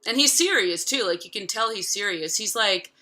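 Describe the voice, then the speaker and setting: A woman's voice: mid-range voice, animated, normal speed, sharp tone. A woman in her thirties casually retelling a film from memory, chatty and profane, full of filler words. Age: 30s. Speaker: vlogger.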